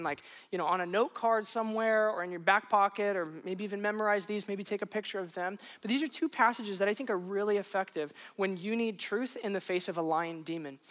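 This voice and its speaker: Woman pastor for a sermon, casual story-driven delivery, lots of false starts, mid-range voice. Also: mid-range voice. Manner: conversational, animated storytelling with frequent restarts. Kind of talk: sermon told as a personal story.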